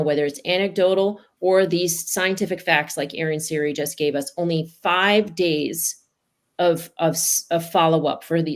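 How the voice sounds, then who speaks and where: Brief: female podcast host, lowish voice, earnest storyteller closing the show. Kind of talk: podcast wrap-up and personal story.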